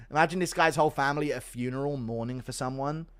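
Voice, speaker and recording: A man's voice: medium pitch, fast talker, clean tone. A young man hosting a casual livestream, swearing, laughing often and mocking viewers as he reads donations. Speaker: livestream host reading donations.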